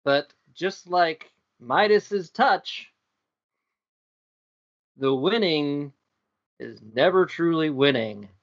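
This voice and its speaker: A man co-hosting a casual podcast chat, telling a made-up plot in a halting way with restarts. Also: a little high, expressive. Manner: slow, halting storytelling with restarts. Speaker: podcast co-host. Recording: dull lo-fi audio.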